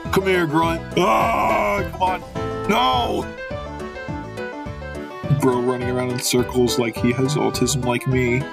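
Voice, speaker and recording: A young man giving goofy, excitable commentary while playing a video game, joking and trash-talking the enemies. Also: medium pitch, takes it slowly, vocal fry, long pauses, over loud music. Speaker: gamer. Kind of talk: let's play commentary.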